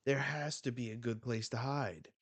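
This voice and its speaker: A man's voice: medium pitch, fairly even intonation, moderate pace, a bit bright, slightly rough, no room sound, voice pushed up. A man reading aloud as frightened, desperate people fleeing a hunt.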